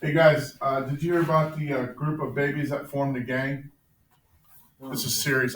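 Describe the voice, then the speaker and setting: A male teacher telling jokes to his class in a classroom, with a deadpan storytelling manner. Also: mid-range voice, normal speed. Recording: echoey classroom, faint noise.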